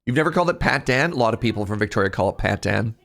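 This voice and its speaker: A man's voice: fairly low pitch, animated, rapid-fire, vocal fry, a bit bright. A man streaming live, chatting casually with his viewers in a jokey, talkative way and laughing often.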